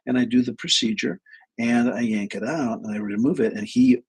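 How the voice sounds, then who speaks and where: A man's voice: medium pitch, moderate pace. A man telling a story on a casual live stream, acting out both sides of a conversation and swearing bluntly. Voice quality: gravelly, husky voice. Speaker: therapist and energy healer.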